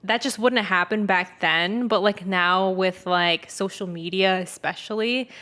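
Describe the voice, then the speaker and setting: Speaking at a measured pace, a young adult woman podcast host has a medium-pitched, steady voice that is bright and forceful. Her casual chat is loose and full of cursing and filler "like," and she performs the quotes while retelling family stories.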